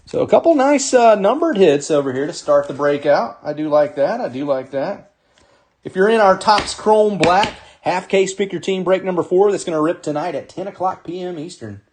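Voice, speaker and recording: A man's voice: high voice, animated, brisk, few pauses, noisy background. A man hosting a live sports card break, upbeat as he calls out players and teams while opening packs.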